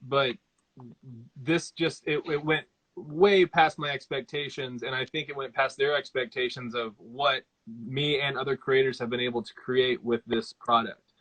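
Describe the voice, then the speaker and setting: A man's voice: mid-range voice, a bit bright, rough recording. A man hosting a casual live interview in an easygoing way, with many fillers. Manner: easygoing, lots of "you know" and "um". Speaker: host.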